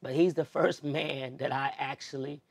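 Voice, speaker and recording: A young adult man as an interview guest, speaking heartfelt and expressive, moving between loud emphasis and soft, near-tearful moments. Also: mid-range voice, moderate pace, gravelly. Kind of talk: emotional personal interview.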